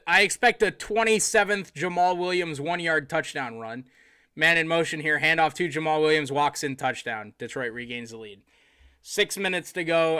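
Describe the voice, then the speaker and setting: High-voiced, bright-toned exasperated male commentator. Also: clear, resonant tone. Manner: exasperated ranting with bursts of sarcasm. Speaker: sports streamer. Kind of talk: live game commentary.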